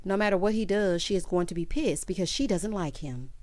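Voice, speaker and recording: A woman hosting a casual reality TV recap, sassy and animated, calling her listeners honey and child. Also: medium pitch, brisk, no room sound.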